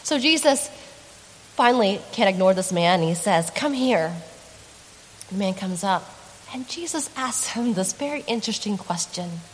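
A woman's voice: mid-range voice, animated, normal speed, a little hiss or hum. Earnest woman preaching in a reverberant hall. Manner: earnest, conversational preaching with dramatic emphasis. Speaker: pastor. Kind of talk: sermon.

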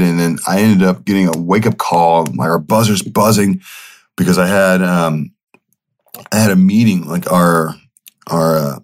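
Low-voiced man telling a rambling story. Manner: loose, rambling, with many fillers and self-corrections. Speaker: podcast host. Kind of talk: casual storytelling monologue.

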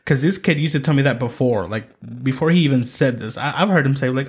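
A man's voice: mid-range voice, normal speed. Candid, rambling young podcast host, a man. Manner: candid, rambling with many fillers. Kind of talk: casual chat.

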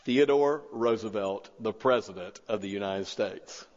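A man preaching a sermon, telling a story with rising excitement and then pleading quietly and earnestly. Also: fairly low pitch, measured pace. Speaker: pastor. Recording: long-reverb hall, slightly dull sound.

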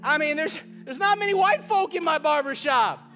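A man preaching a sermon, impassioned and often shouting, mixing in humor and personal stories. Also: very high-pitched, lively intonation, normal speed, faint music behind.

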